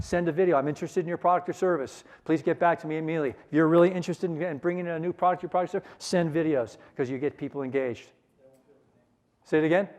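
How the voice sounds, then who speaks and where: A middle-aged man leading a sales seminar, energetic and coaxing the audience to repeat phrases after him. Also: fairly high pitch. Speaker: sales trainer. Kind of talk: conference seminar talk.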